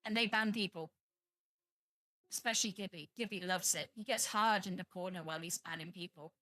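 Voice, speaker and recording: A woman's voice: on the low side, a little fast, bright, forceful tone, no echo. A young British woman streaming live, chatting to viewers in a blunt, profane, rambling way and sounding tired. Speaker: livestreamer.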